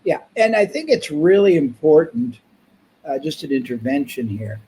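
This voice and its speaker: A male interviewer adds measured, reflective comments in a conversation. His voice sits a little high but has a warm, mellow tone. Faint background noise runs under it. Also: very animated, rough recording.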